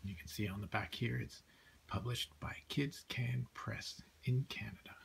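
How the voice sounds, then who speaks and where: A man in a Santa persona reading a children's picture book aloud, soft and often half-whispered. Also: fairly low pitch, measured pace, creaky, a little hiss or hum. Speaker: storyteller playing Santa.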